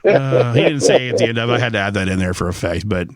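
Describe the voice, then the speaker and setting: A man's voice: mid-range voice, racing, a loud crowd. A man hosting a casual podcast chat. He is a little tipsy, and he talks in a rambling way with plenty of swearing. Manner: profane, rambling. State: slightly tipsy. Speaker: podcast host.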